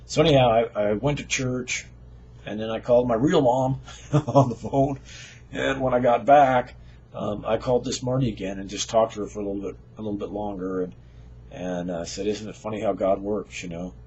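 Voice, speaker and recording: A man's voice: on the low side, fairly even intonation, normal speed, a little mellow, slightly rough, dull audio. A man casually telling a personal faith story in a conversational, folksy way. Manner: conversational, folksy, with fillers and chuckles. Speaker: storyteller sharing a faith testimony.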